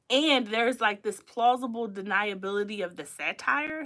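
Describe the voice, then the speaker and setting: Bright-voiced chatty woman livestreaming. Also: a little high, expressive, moderate pace, hardly any pauses. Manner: chatty, emphatic, repeats herself, laughs often. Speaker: livestream host. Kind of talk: casual livestream talk.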